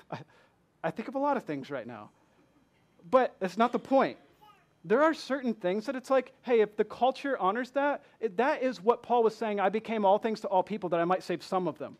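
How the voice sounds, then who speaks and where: Preaching with fervor in a church, a Michigan pastor with a Southern accent keeps asking his congregation rhetorical questions. His voice sits high.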